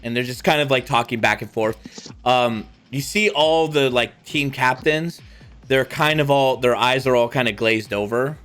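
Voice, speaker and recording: A man's voice: medium pitch, moderate pace, a bit bright, clear, resonant tone, faint music behind. A man narrating a tabletop vampire game as game master, loose and full of fillers.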